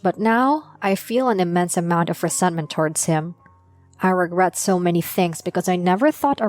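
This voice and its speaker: Woman narrating a first-person story. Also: fairly low pitch. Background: faint music.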